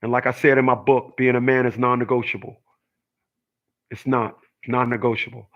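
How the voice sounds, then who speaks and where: Solo male host, middle pitch, emphatic monologue that hammers each point twice. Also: level tone, brisk, narrow, tinny audio. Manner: emphatic, repeats his points. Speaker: channel host.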